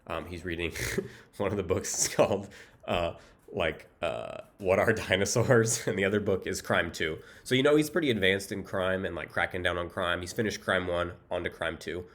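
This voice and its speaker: A man with a very deep voice retells a movie plot in a loose, joking way. He rambles along in a deadpan tone and leans on plenty of "um"s and "like"s. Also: moderate pace. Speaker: movie recap host. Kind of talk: casual comedic film recap.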